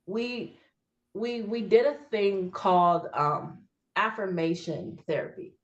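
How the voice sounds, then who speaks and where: A young adult woman speaks as an author guest in a relaxed interview, using informal slang. She tells her story with energy and jumps into a higher voice to replay what people said to her. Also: slow, muffled recording. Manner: animated storyteller who reenacts conversations in a raised voice. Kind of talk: casual interview chat.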